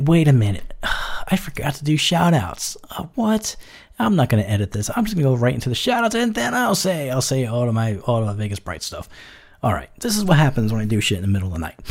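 A man hosting his own podcast, talking off the cuff in a rambling way and swearing freely. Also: mid-range voice. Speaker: podcast host. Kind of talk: casual solo podcast outro.

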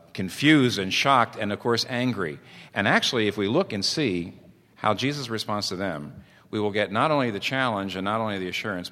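Male pastor, lowish voice, lively swinging delivery, long hall reverb. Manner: earnest, animated preaching with vivid storytelling. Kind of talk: sermon.

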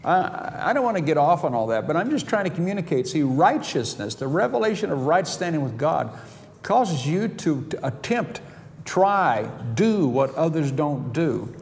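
A man's voice: on the high side, big pitch swings, moderate pace, gravelly, a little mellow, faint music behind. A middle-aged man preaching a sermon, telling stories with chuckles and quoting conversations in his own voice. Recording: reverberant hall, faint background noise.

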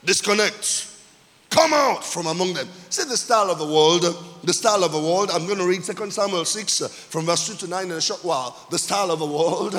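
Pastor guy, high voice, preaching, bursts into shouts, echoey church hall. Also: quick pace, hardly any pauses. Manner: preaching with repetition and sudden shouted emphasis. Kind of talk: sermon. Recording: long hall reverb.

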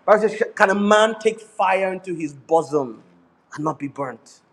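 Preaching at normal speed in a high voice, this middle-aged Nigerian pastor has a Nigerian accent and an animated style. He slips into pidgin and laughs frequently.

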